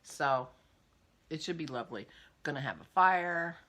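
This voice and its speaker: A woman's voice: sits low, lively intonation, normal speed, fairly bright tone. An older woman hosting a casual vlog, chatting in a rambling way as she thinks aloud. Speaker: podcast host.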